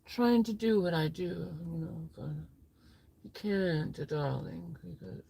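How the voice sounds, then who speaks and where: A vain, theatrical male rock star purrs in a hushed voice, calling everyone darling while a woman acts him out. The tone is low and gravelly, and the pace is slow. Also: full character voice. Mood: haughty. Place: inside a parked car at night.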